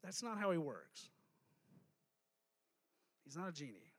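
A male pastor preaching a lively sermon, joking and calling on the congregation to respond. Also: a little high, a little slow, breathy edge.

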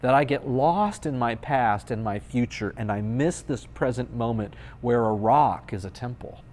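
A man's voice: mid-range voice, moderate pace, a little mellow. A man in his thirties, a pastor giving a conversational sermon with playful, dry humor.

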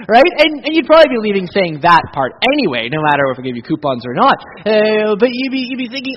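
A male pastor, preaching an animated sermon that moves between loud emphasis and hushed intensity. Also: high voice, fast, hardly any pauses, a little hiss or hum. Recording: dull audio with long hall reverb.

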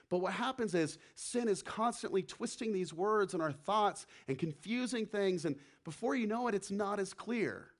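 A man preaching a sermon as the pastor, animated, acting out the voices he quotes and dropping to a hush for emphasis. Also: sits high.

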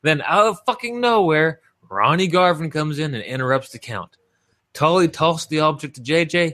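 Profane, lively man recapping wrestling. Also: on the high side, normal speed. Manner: profane, blunt, ranting play-by-play. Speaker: podcast co-host. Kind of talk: casual wrestling recap chat.

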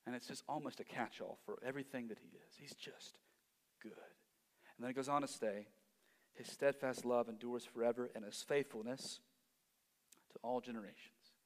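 A man preaching a sermon. He swells to loud emphasis and then drops almost to a hush. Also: mid-range voice, steady tone, fairly quick, long reverb tail. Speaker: pastor.

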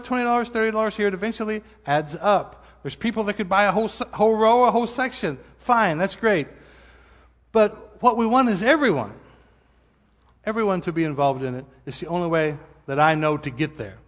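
Earnest, tearful preacher man, high voice. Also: animated, fairly quick, fairly bright tone, big-room sound. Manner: earnest, vulnerable, self-deprecating. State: tearful at times. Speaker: pastor. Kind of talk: emotional sermon appeal. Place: church auditorium.

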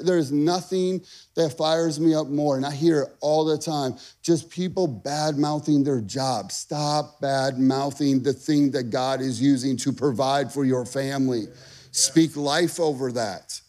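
A man in his thirties, a pastor preaching a lively, conversational sermon, calling out to the congregation. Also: on the high side, measured pace. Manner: energetic, conversational preaching with call-and-response.

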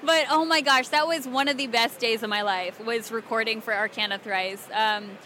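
A young woman from Alabama, a cosplayer and voice actress, chatting excitedly and giggling through a convention interview. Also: a little high, normal speed, slight background noise. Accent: Southern American. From Alabama, USA. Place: convention floor.

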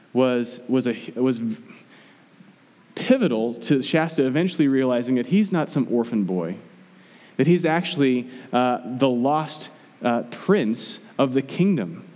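Under long hall reverb, a man in his thirties delivers a sermon in a medium-pitched, slightly mellow voice. The pastor keeps it conversational, often restarting sentences and using fillers.

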